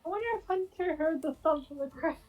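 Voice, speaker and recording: A woman playing a tabletop game, talking quickly and amused. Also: high voice, far from the mic, lo-fi sound, over a noisy crowd. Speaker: player. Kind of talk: casual tabletop play.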